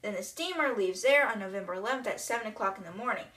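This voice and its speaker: A woman voicing a cautious male boat captain in a storybook retelling, lower and quicker, apologetic. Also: lively intonation, sharp tone.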